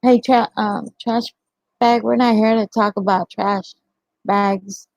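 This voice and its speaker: A woman's voice: medium pitch, steady tone, slow pace, creaky, a little mellow, no echo, low-quality recording. A middle-aged woman chatting on her livestream, telling a story and laughing often. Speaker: livestream host. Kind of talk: casual chat with live viewers.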